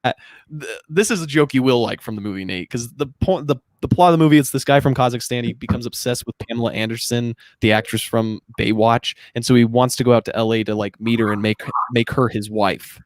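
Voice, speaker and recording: A man's voice: mid-range voice, fairly quick, dry recording. Eager male guest, dry close sound. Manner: enthusiastic, explanatory. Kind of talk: casual livestream chat.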